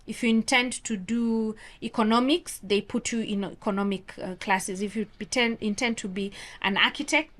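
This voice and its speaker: A woman from Kenya, an orthodontist guest in a casual interview, telling a story in a lively way and acting out the dialogue. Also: fairly high pitch, moderate pace, few pauses. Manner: animated, acts out quoted dialogue.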